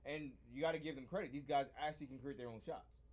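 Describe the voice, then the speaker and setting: A man's voice: medium pitch, fairly even intonation, fast talker, a little mellow. A man co-hosting a live sports podcast, casually and insistently arguing his points. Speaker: podcast co-host.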